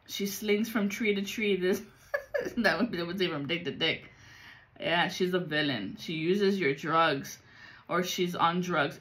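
A woman's voice: lowish voice, fairly bright tone. A woman giving a casual spiritual reading, blunt and full of profanity and street slang. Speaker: psychic reader.

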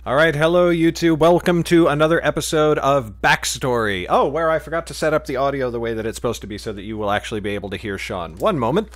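A man hosts a relaxed podcast, rambling along with plenty of "uh"s and wry jokes. His voice sits at an ordinary middle pitch, and the sound is dry and close. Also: fast talker, few pauses, dry recording. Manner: rambling, joking, many fillers. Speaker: podcast host. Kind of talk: casual podcast chat.

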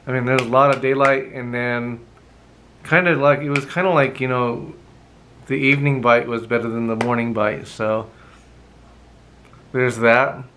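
A man's voice: mid-range voice, flat delivery, measured pace, long pauses, fairly bright tone, slight background noise. A man chatting casually in a morning vlog, rambling with lots of ums and reading dad jokes aloud. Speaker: vlogger.

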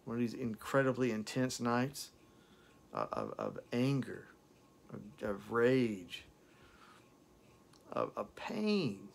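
Gravelly man reciting lyrics with passion. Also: mid-range voice, sing-song. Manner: dramatic, slowed recitation with repeated words. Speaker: song reviewer. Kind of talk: impassioned lyric recitation and commentary.

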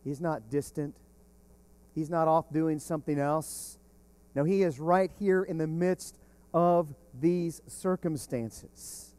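A man preaching a sermon as pastor, slow and emphatic, swelling on key words. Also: on the high side, steady tone, darkish tone, clear, resonant tone.

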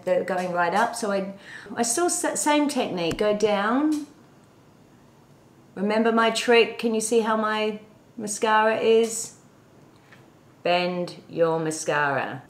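A middle-aged woman walks through her everyday makeup routine in a friendly, instructive way. Her voice sits at an ordinary middle pitch. The recording has a noticeably echoey room sound. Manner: chatty, instructive, talks while applying makeup. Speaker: beauty vlogger. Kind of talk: makeup tutorial.

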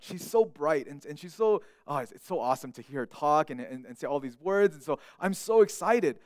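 A young male pastor preaches in an earnest, heartfelt way, often doubling back and repeating words as he restarts a thought. His voice sits high for a man and swings widely in pitch. The sound is close and dry. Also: no echo. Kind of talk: sermon.

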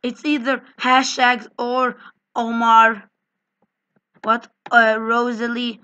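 Bright, giggly young woman gaming. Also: a little high, little pitch movement, takes it slowly. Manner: giggly, jokey, talks to viewers. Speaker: gaming channel host. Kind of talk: casual let's-play chat.

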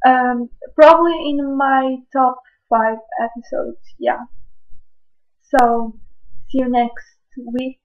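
Gushing over a TV episode, this woman keeps exclaiming and repeating herself as she records an excited reaction vlog on her webcam at home at night. She speaks slowly in a high-sitting voice with a level tone, and the highs are cut off.

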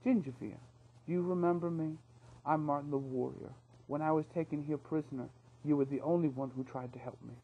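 A man doing a steady young warrior mouse. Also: fairly high pitch, brisk, slightly rough, phone-quality sound. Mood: earnest. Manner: earnest, plain-spoken.

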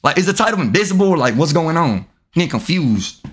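A man live-streaming a video game, cursing and trash-talking at his chat, with sudden yelled outbursts. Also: a little high, very animated, fast talker, slightly rough. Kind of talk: casual live-stream commentary while gaming.

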